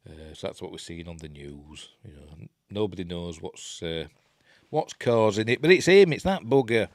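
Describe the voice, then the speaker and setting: A man's voice: low-pitched, animated, normal speed, darkish tone, no echo, clean studio sound. A man with a Yorkshire accent giving a rambling, jokey running commentary while reviewing a film. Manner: rambling, chatty, jokey asides.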